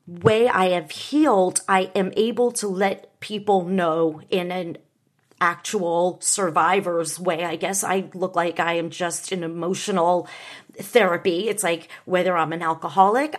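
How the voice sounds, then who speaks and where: Woman, author, emotional monologue; emphatic and self-promoting, peppers her talk with mild swearing. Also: fairly low pitch. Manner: emphatic, self-promoting, swings between intense and hushed; says "friggin'" often.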